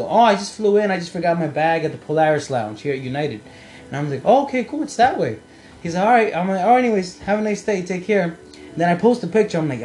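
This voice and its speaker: A man's voice: high-pitched, a little hiss or hum. A young man, a podcast co-host, telling a story in casual chat and acting out the quotes. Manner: animated storyteller, acts out quotes.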